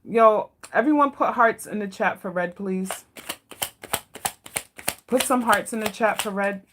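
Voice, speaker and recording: A woman doing a live stream tarot reading, speaking to viewers in a gentle, emotional, comforting way that turns tearful at times. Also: mid-range voice, unhurried, a little hiss or hum. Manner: emotional, comforting, talks to chat. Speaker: tarot reader.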